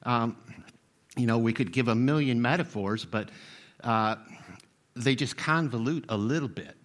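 A man in his sixties, a pastor giving a sermon in a relaxed, conversational, self-deprecating way, full of fillers and restarts. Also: medium pitch, a little slow. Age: 60s. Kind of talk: sermon with personal story.

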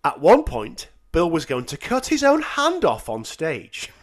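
Animated man laughing through podcast chat. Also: fairly high pitch, measured pace. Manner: animated, laughing, reads quotes aloud with sarcastic asides. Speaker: podcast co-host. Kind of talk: casual music podcast chat.

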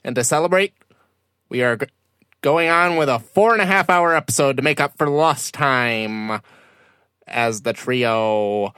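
A man's voice: medium pitch, measured pace, sharp tone, clean tone, no echo, studio quality. A man hosting a casual podcast, upbeat and joking as he chats with his co-hosts. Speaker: podcast host.

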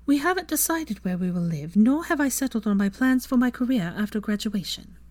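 A woman's voice: a little high, expressive, brisk, a little mellow, dry recording, voice pushed up, lightly acted. A woman voicing a clever, stubborn young witch with a dry, wry way of talking, in a fan fiction reading.

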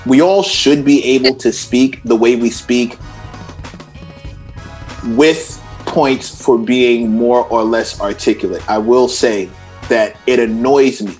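A man from Queens co-hosting a casual podcast chat, joking and getting animated, his voice shooting up when excited. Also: medium pitch, slow, faint music behind. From Queens, New York, US. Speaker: podcast co-host.

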